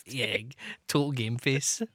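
A man's voice: medium pitch, fairly even intonation, slow pace, fairly bright tone. Playful man co-hosting radio. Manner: playful, teasing, joking asides. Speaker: radio co-host. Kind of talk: casual radio banter. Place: radio studio. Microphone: studio microphone.

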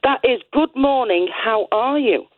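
A woman's voice: on the high side, lively intonation, a little slow, no room sound. Opinionated female caller, rambling and chatty, heard through a phone line. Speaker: radio caller. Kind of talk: casual phone-in chat.

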